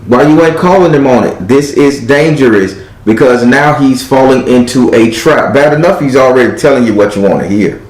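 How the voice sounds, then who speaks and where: A man's voice: mid-range voice, moderate pace, few pauses. Blunt, profane man reading tarot, echoey. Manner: blunt, profane, animated, acts out quoted lines. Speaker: tarot card reader. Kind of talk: live-stream tarot reading, blunt advice.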